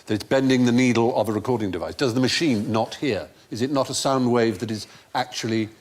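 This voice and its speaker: A man's voice: mid-range voice, fairly quick. A man hosting a comedy panel show, telling stories and laughing often in a TV studio. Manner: lively, laughs often, storytelling. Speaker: quiz show host. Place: TV studio with live audience.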